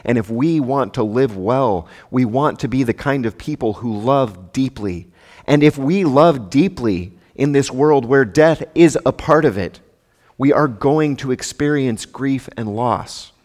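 A man's voice: medium pitch, expressive, unhurried, darkish tone. A man giving a sermon as pastor, speaking conversationally with rhetorical asides to his congregation. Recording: long reverb of a large hall.

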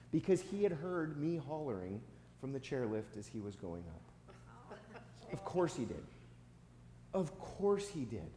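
A man's voice: mid-range voice, slight background noise. A man giving a sermon in a conversational, storytelling way. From United States. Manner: conversational preaching with a personal story, some restarts and soft laughs. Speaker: pastor. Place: church sanctuary. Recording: echoey church hall, faint ambience.

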